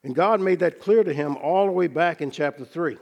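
The preacher's voice is a little high with vocal fry, and the highs sound cut off. He teaches scripture in an earnest, measured sermon, dropping his speed to stress key phrases.

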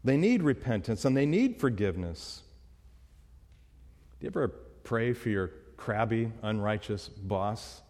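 A man's voice: fairly low pitch, animated, unhurried, darkish tone. A man preaching a sermon as a pastor, emphatic and full of rhetorical questions, in a church sanctuary. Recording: long hall reverb.

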